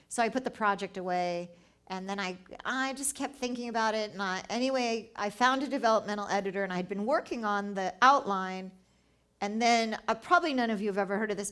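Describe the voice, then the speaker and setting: Her mid-range voice has a fairly bright tone as she tells travel stories from her own life to a live audience. She's a travel writer and speaker in her 40s who acts out conversations and laughs often.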